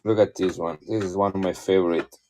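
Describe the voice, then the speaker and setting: Low-voiced man selling coins live. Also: steady tone, fairly quick, warm tone, a little hiss or hum. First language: Italian. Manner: chatty, enthusiastic, addresses viewers directly. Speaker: live-stream coin seller. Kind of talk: casual live-stream selling chat.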